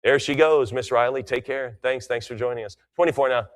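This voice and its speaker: Chatty middle-aged man calling auction bids. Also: medium pitch. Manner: rapid repeated bid calls mixed with chatty enthusiastic asides. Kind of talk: live auction bid calling.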